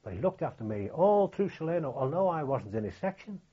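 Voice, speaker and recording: An older man from Liverpool with a Liverpool accent, recalling wartime memories in an oral history interview, halting and plain-spoken with many restarts. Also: fairly high pitch, sing-song, dark tone, breathy edge. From Liverpool, England. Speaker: veteran interviewee. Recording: dull lo-fi recording.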